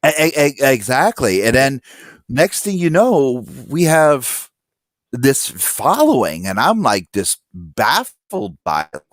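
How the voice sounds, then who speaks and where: A man telling stories in a casual podcast chat, acting out quotes loudly. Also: mid-range voice, slow pace, no room sound, clean studio sound. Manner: animated storyteller, acts out quotes loudly. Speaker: podcast guest.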